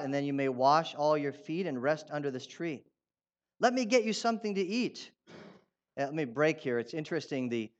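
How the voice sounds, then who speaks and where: Lo-fi man preaching conversationally. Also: a little high. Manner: conversational, asks the audience questions, animated when reading quotes. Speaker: pastor. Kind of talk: sermon.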